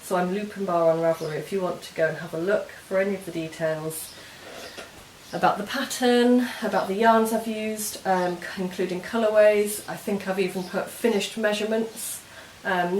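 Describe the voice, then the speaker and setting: A woman with a mid-range, slightly mellow voice hosts a knitting podcast, explaining her projects step by step in a casual, meandering show-and-tell chat. The recording carries a roomy echo and faint hiss.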